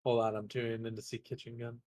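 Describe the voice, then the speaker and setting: A man's voice: mid-range voice, monotone, fast, darkish tone. A man streaming a game, chatting casually in a rambling way, often laughing and breaking off his own sentences. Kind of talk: casual chat while playing a game.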